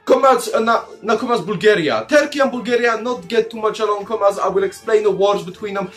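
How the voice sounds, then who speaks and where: Rambling comedic host, high voice. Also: male voice, a little fast, fairly bright tone, faint music behind. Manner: calls the audience "comrades" constantly; rambling, jokey, playfully crude. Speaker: comedic country-review host. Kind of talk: comedic commentary over maps.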